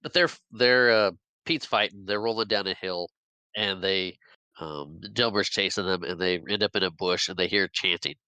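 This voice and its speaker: A man's voice: sits low, normal speed, bright, forceful tone, clear, resonant tone, dry recording, poor audio. A man casually retelling a film's plot on a podcast, rambling and giggly with frequent restarts. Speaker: podcast co-host. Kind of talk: casual film recap.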